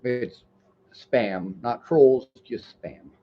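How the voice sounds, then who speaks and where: A man's voice: mid-range voice, extremely slow, muffled recording. A man livestreaming, reading viewer messages and lecturing in a heated, profane rant.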